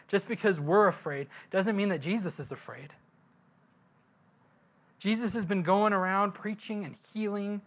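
A man's voice: high voice, a bit bright. A male pastor giving a sermon in a conversational, storytelling way, asking the listeners questions.

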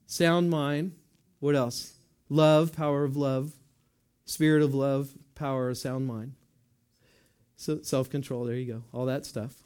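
A man's voice: mid-range voice, steady tone, measured pace, long pauses, a little mellow, clear, resonant tone. A man preaching a conversational sermon as a pastor, asking the congregation questions and answering in little voiced asides.

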